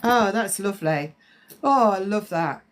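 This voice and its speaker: A woman's voice: medium pitch, expressive, unhurried. A woman, a psychic medium, chatting and rambling through live-stream spiritual readings as she answers viewers' comments, sounding slightly congested.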